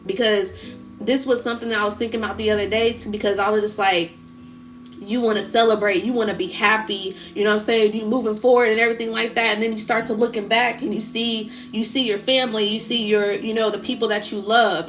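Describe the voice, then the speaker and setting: A woman's voice: mid-range voice, flat delivery, a little fast, soft background music. A woman hosting a spiritual livestream, speaking in a heartfelt, rambling way full of fillers, getting tearful as she talks about healing. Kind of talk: emotional casual livestream talk.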